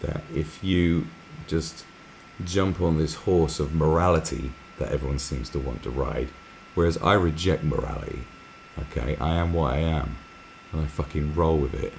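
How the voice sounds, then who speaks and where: A man's voice: very deep voice, moderate pace, creaky, hardly any pauses, a little hiss or hum. A man hosting a live stream, talking in a rambling, sweary way and often slipping into mocking impressions. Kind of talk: casual rambling commentary.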